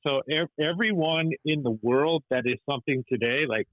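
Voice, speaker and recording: A man's voice: fairly high pitch, moderate pace, no room sound, muffled recording. A man as a podcast guest, telling stories casually with lots of restarts and checks for agreement. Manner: rambling, many restarts and "right?" checks. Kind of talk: casual storytelling.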